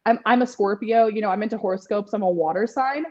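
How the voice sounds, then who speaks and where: A woman's voice: mid-range voice, fast talker, a little mellow, lo-fi sound. A woman in her twenties, a podcast guest, talking in a chatty way with lots of fillers and frequent laughter. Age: 20s. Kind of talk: casual interview chat.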